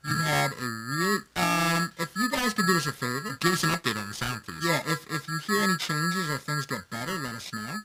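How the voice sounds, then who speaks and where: A man's voice: a little high, animated, fairly quick, hardly any pauses, over loud music, poor audio. A man co-hosting a casual beer podcast, joking and running himself down. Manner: jokey, self-deprecating banter. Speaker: podcast co-host.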